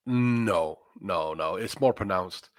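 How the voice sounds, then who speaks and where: A man appearing as a guest in a casual review chat, giving his opinions in a measured way. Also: deep voice, no room sound, clean studio sound.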